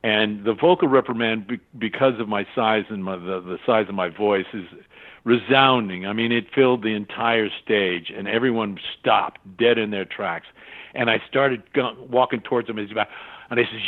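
A man's voice: on the low side, normal speed. An older man tells stories as a guest in an interview. He slips into other people's voices and laughs often. The sound is thin and tinny, as if it came down a phone line. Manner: animated anecdotes, acts out quoted voices, laughs often. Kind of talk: casual storytelling interview.

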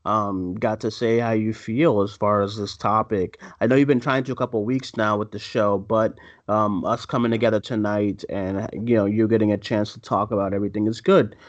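A man's voice: fairly low pitch, steady tone, moderate pace, hardly any pauses, dry recording. A man co-hosting a live film podcast, chatting casually and rambling with many fillers and restarts. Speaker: podcast co-host. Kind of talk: casual live-show chat. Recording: dry, dull lo-fi sound.

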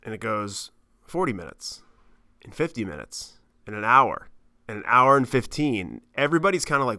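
Thirties guy rambling thru a story on his podcast, cussing a lot, smooth crisp voice. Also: mid-range voice, brisk. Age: 30s. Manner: animated, profane, rambling with many fillers. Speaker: podcast host. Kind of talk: casual storytelling monologue.

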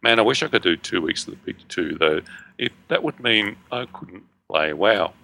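A man's voice: low-pitched, lively intonation, moderate pace, vocal fry, bright, forceful tone. A man with an Australian accent co-hosting a gaming podcast, chatty and jokey while reading listener mail. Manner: jokey, chatty, self-deprecating. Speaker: podcast co-host.

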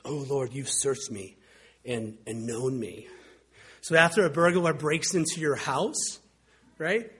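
A man delivers a sermon in a relaxed, conversational way, slipping wry anecdotes into his teaching. His voice sits a little high for a man. It has a husky, breathy edge. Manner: conversational, wry storytelling with mimicked quotes. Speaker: pastor.

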